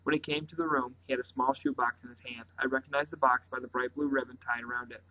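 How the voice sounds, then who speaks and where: A man reading a novel aloud in a quiet, earnest way, stumbling now and then. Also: medium pitch, steady tone, fast talker, poor audio. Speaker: reader.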